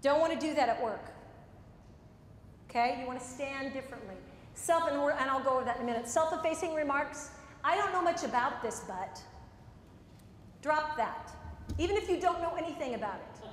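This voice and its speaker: A woman with a high voice runs a live workshop and coaches a room of attendees in a direct, brisk way. She is recorded in an echoey meeting room with a long reverb tail. Faint room noise sits behind her. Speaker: workshop trainer. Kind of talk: live workshop lecture and demo. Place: meeting room before a group. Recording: echoey room, mic at a distance.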